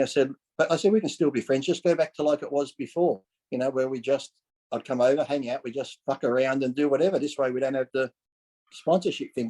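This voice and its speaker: Animated, swearing man in his forties. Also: medium pitch, husky, rough recording. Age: 40s. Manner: animated, acts out quoted voices, swears freely, laughs often. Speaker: podcast guest. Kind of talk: casual storytelling.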